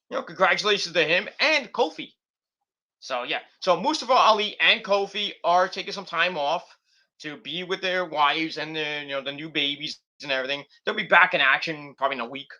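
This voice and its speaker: A man hosting a loose late-night podcast. His fairly high, bright voice swings widely in pitch as he rambles. He swears freely and fills gaps with ums and uhs. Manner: rambling, profane, many fillers. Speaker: podcast host. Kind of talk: casual late-night wrestling chat.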